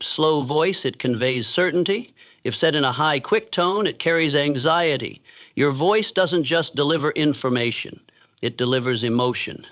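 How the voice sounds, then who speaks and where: A man reads a motivational script in a measured, deliberate way, leaving pauses so each point lands. His voice sits a little high for a man. The recording is dull and lo-fi. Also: fairly bright tone. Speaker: narrator.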